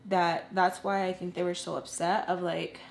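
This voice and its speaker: A woman's voice: fairly low pitch, little pitch movement, creaky. Earnest woman telling a story, roomy. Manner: halting, full of "like" and restarts; earnest and emotional. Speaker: storytelling vlogger. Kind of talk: casual storytime. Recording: roomy room with faint hum.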